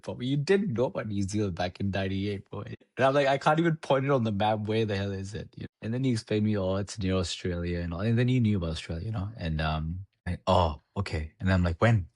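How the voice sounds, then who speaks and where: A man's voice: fairly low pitch, darkish tone, dry recording, studio quality. A man from India, a podcast guest, telling a childhood story in casual chat, laughing often and acting out his own past lines.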